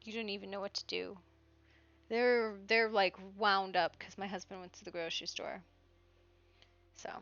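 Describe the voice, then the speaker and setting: A woman's voice: medium pitch, steady tone, normal speed, long pauses, a bit bright. A woman streaming from home in casual, chatty talk, swearing freely and baby-talking to her dogs, heard over a dull lo-fi recording with faint music. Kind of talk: casual chat.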